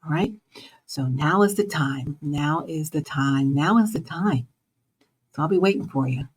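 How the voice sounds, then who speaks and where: A woman hosting her own show and talking straight to her listeners. Her delivery is animated, jumping between high and low notes and between loud and soft. She laughs often through her casual motivational talk. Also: measured pace, husky. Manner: animated, swings pitch and loudness, laughs often. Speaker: host.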